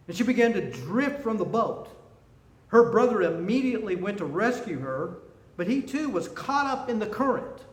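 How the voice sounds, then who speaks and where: A man in his sixties giving a seminar talk, telling stories and jokes with animation. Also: high-pitched. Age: 60s. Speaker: seminar speaker. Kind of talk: storytelling talk. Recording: echoey room, faint noise.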